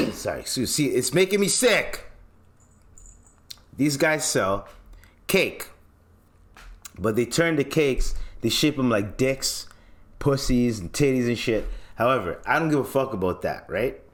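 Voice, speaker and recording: A man's voice: mid-range voice, expressive, unhurried, pauses often. Exasperated profane man ranting. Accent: Toronto. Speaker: podcast host. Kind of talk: ranting solo podcast monologue.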